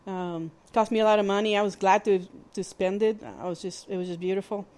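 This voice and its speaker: A woman hosting a podcast, telling a personal story in a candid, plainspoken way, with halting restarts and fillers. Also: mid-range voice, steady tone, darkish tone, clean tone. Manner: candid and plainspoken, with mild swearing. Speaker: podcast host.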